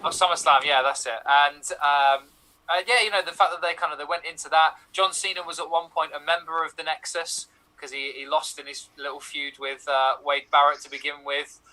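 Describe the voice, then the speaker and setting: A man's voice: a little high, steady tone, a little fast, bright, forceful tone, low-quality recording. A man co-hosting a casual chat in an easygoing, joking way, speaking into a computer microphone on a remote call. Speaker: podcast co-host.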